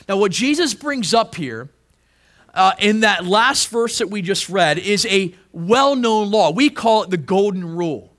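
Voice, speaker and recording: A pastor preaching a sermon, emphatic, repeating phrases and restarting words. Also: male voice, high-pitched, animated, normal speed, fairly bright tone.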